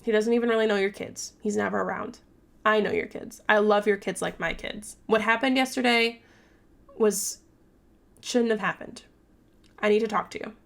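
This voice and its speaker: A woman voicing a smooth, menacing vampire man. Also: sits high, steady tone, normal speed, fairly bright tone. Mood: coaxing.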